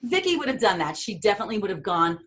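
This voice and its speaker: Brief: middle-aged New York woman, lively raconteur, bright tone, faint hiss behind. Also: medium pitch, rapid-fire. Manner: animated, acts out voices and screams. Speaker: actress guest. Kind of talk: storytelling interview.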